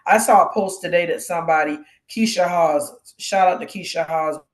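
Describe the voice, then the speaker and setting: This woman's voice sits on the low side, and she talks at a moderate pace. As a guest co-host on a live show, she animatedly shares a personal testimony, playing out the voices of the people in it.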